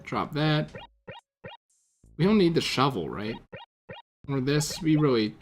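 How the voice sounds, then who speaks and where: A man's voice: a little high, lively intonation, slow. A man giving casual gameplay commentary, rambling, stumbling over his words and swearing offhandedly. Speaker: let's play gamer. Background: video game music.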